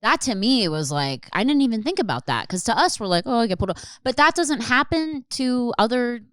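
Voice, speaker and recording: Casual young woman host, lively pitch, smooth clear voice, dry mic. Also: no room sound. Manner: expressive, quick reactions. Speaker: podcast host. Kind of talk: casual podcast chat.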